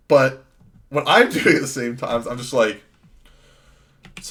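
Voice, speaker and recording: A young man streaming an online card game, telling a rambling anecdote full of "like" and self-mocking laughs. His voice sits at a middle pitch, and the clatter of a keyboard comes through behind him. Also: animated, moderate pace, long pauses, fairly bright tone. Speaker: gaming streamer. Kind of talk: casual storytelling while playing a card game.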